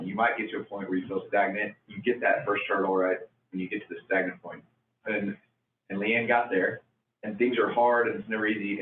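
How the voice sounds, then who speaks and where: Low-voiced man, encouraging coach, echoey room, tinny sound. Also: slight background noise. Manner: encouraging, casual. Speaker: business coach. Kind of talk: encouraging talk to an audience. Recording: far-off, echoey, phone-like hall audio.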